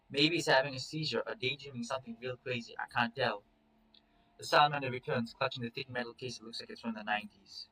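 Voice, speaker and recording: A man's voice: mid-range voice, fast talker, pushed and bright, recorded from a distance, rough recording. A man reading a first-person story aloud in a casual, profane, confessional way. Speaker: story reader.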